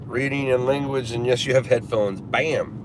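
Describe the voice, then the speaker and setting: A man's voice: medium pitch, moderate pace. A man in his forties hosting a live stream from a car, chatting casually and rambling, with many fillers and restarts. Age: 40s. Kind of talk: casual chat. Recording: traffic noise behind.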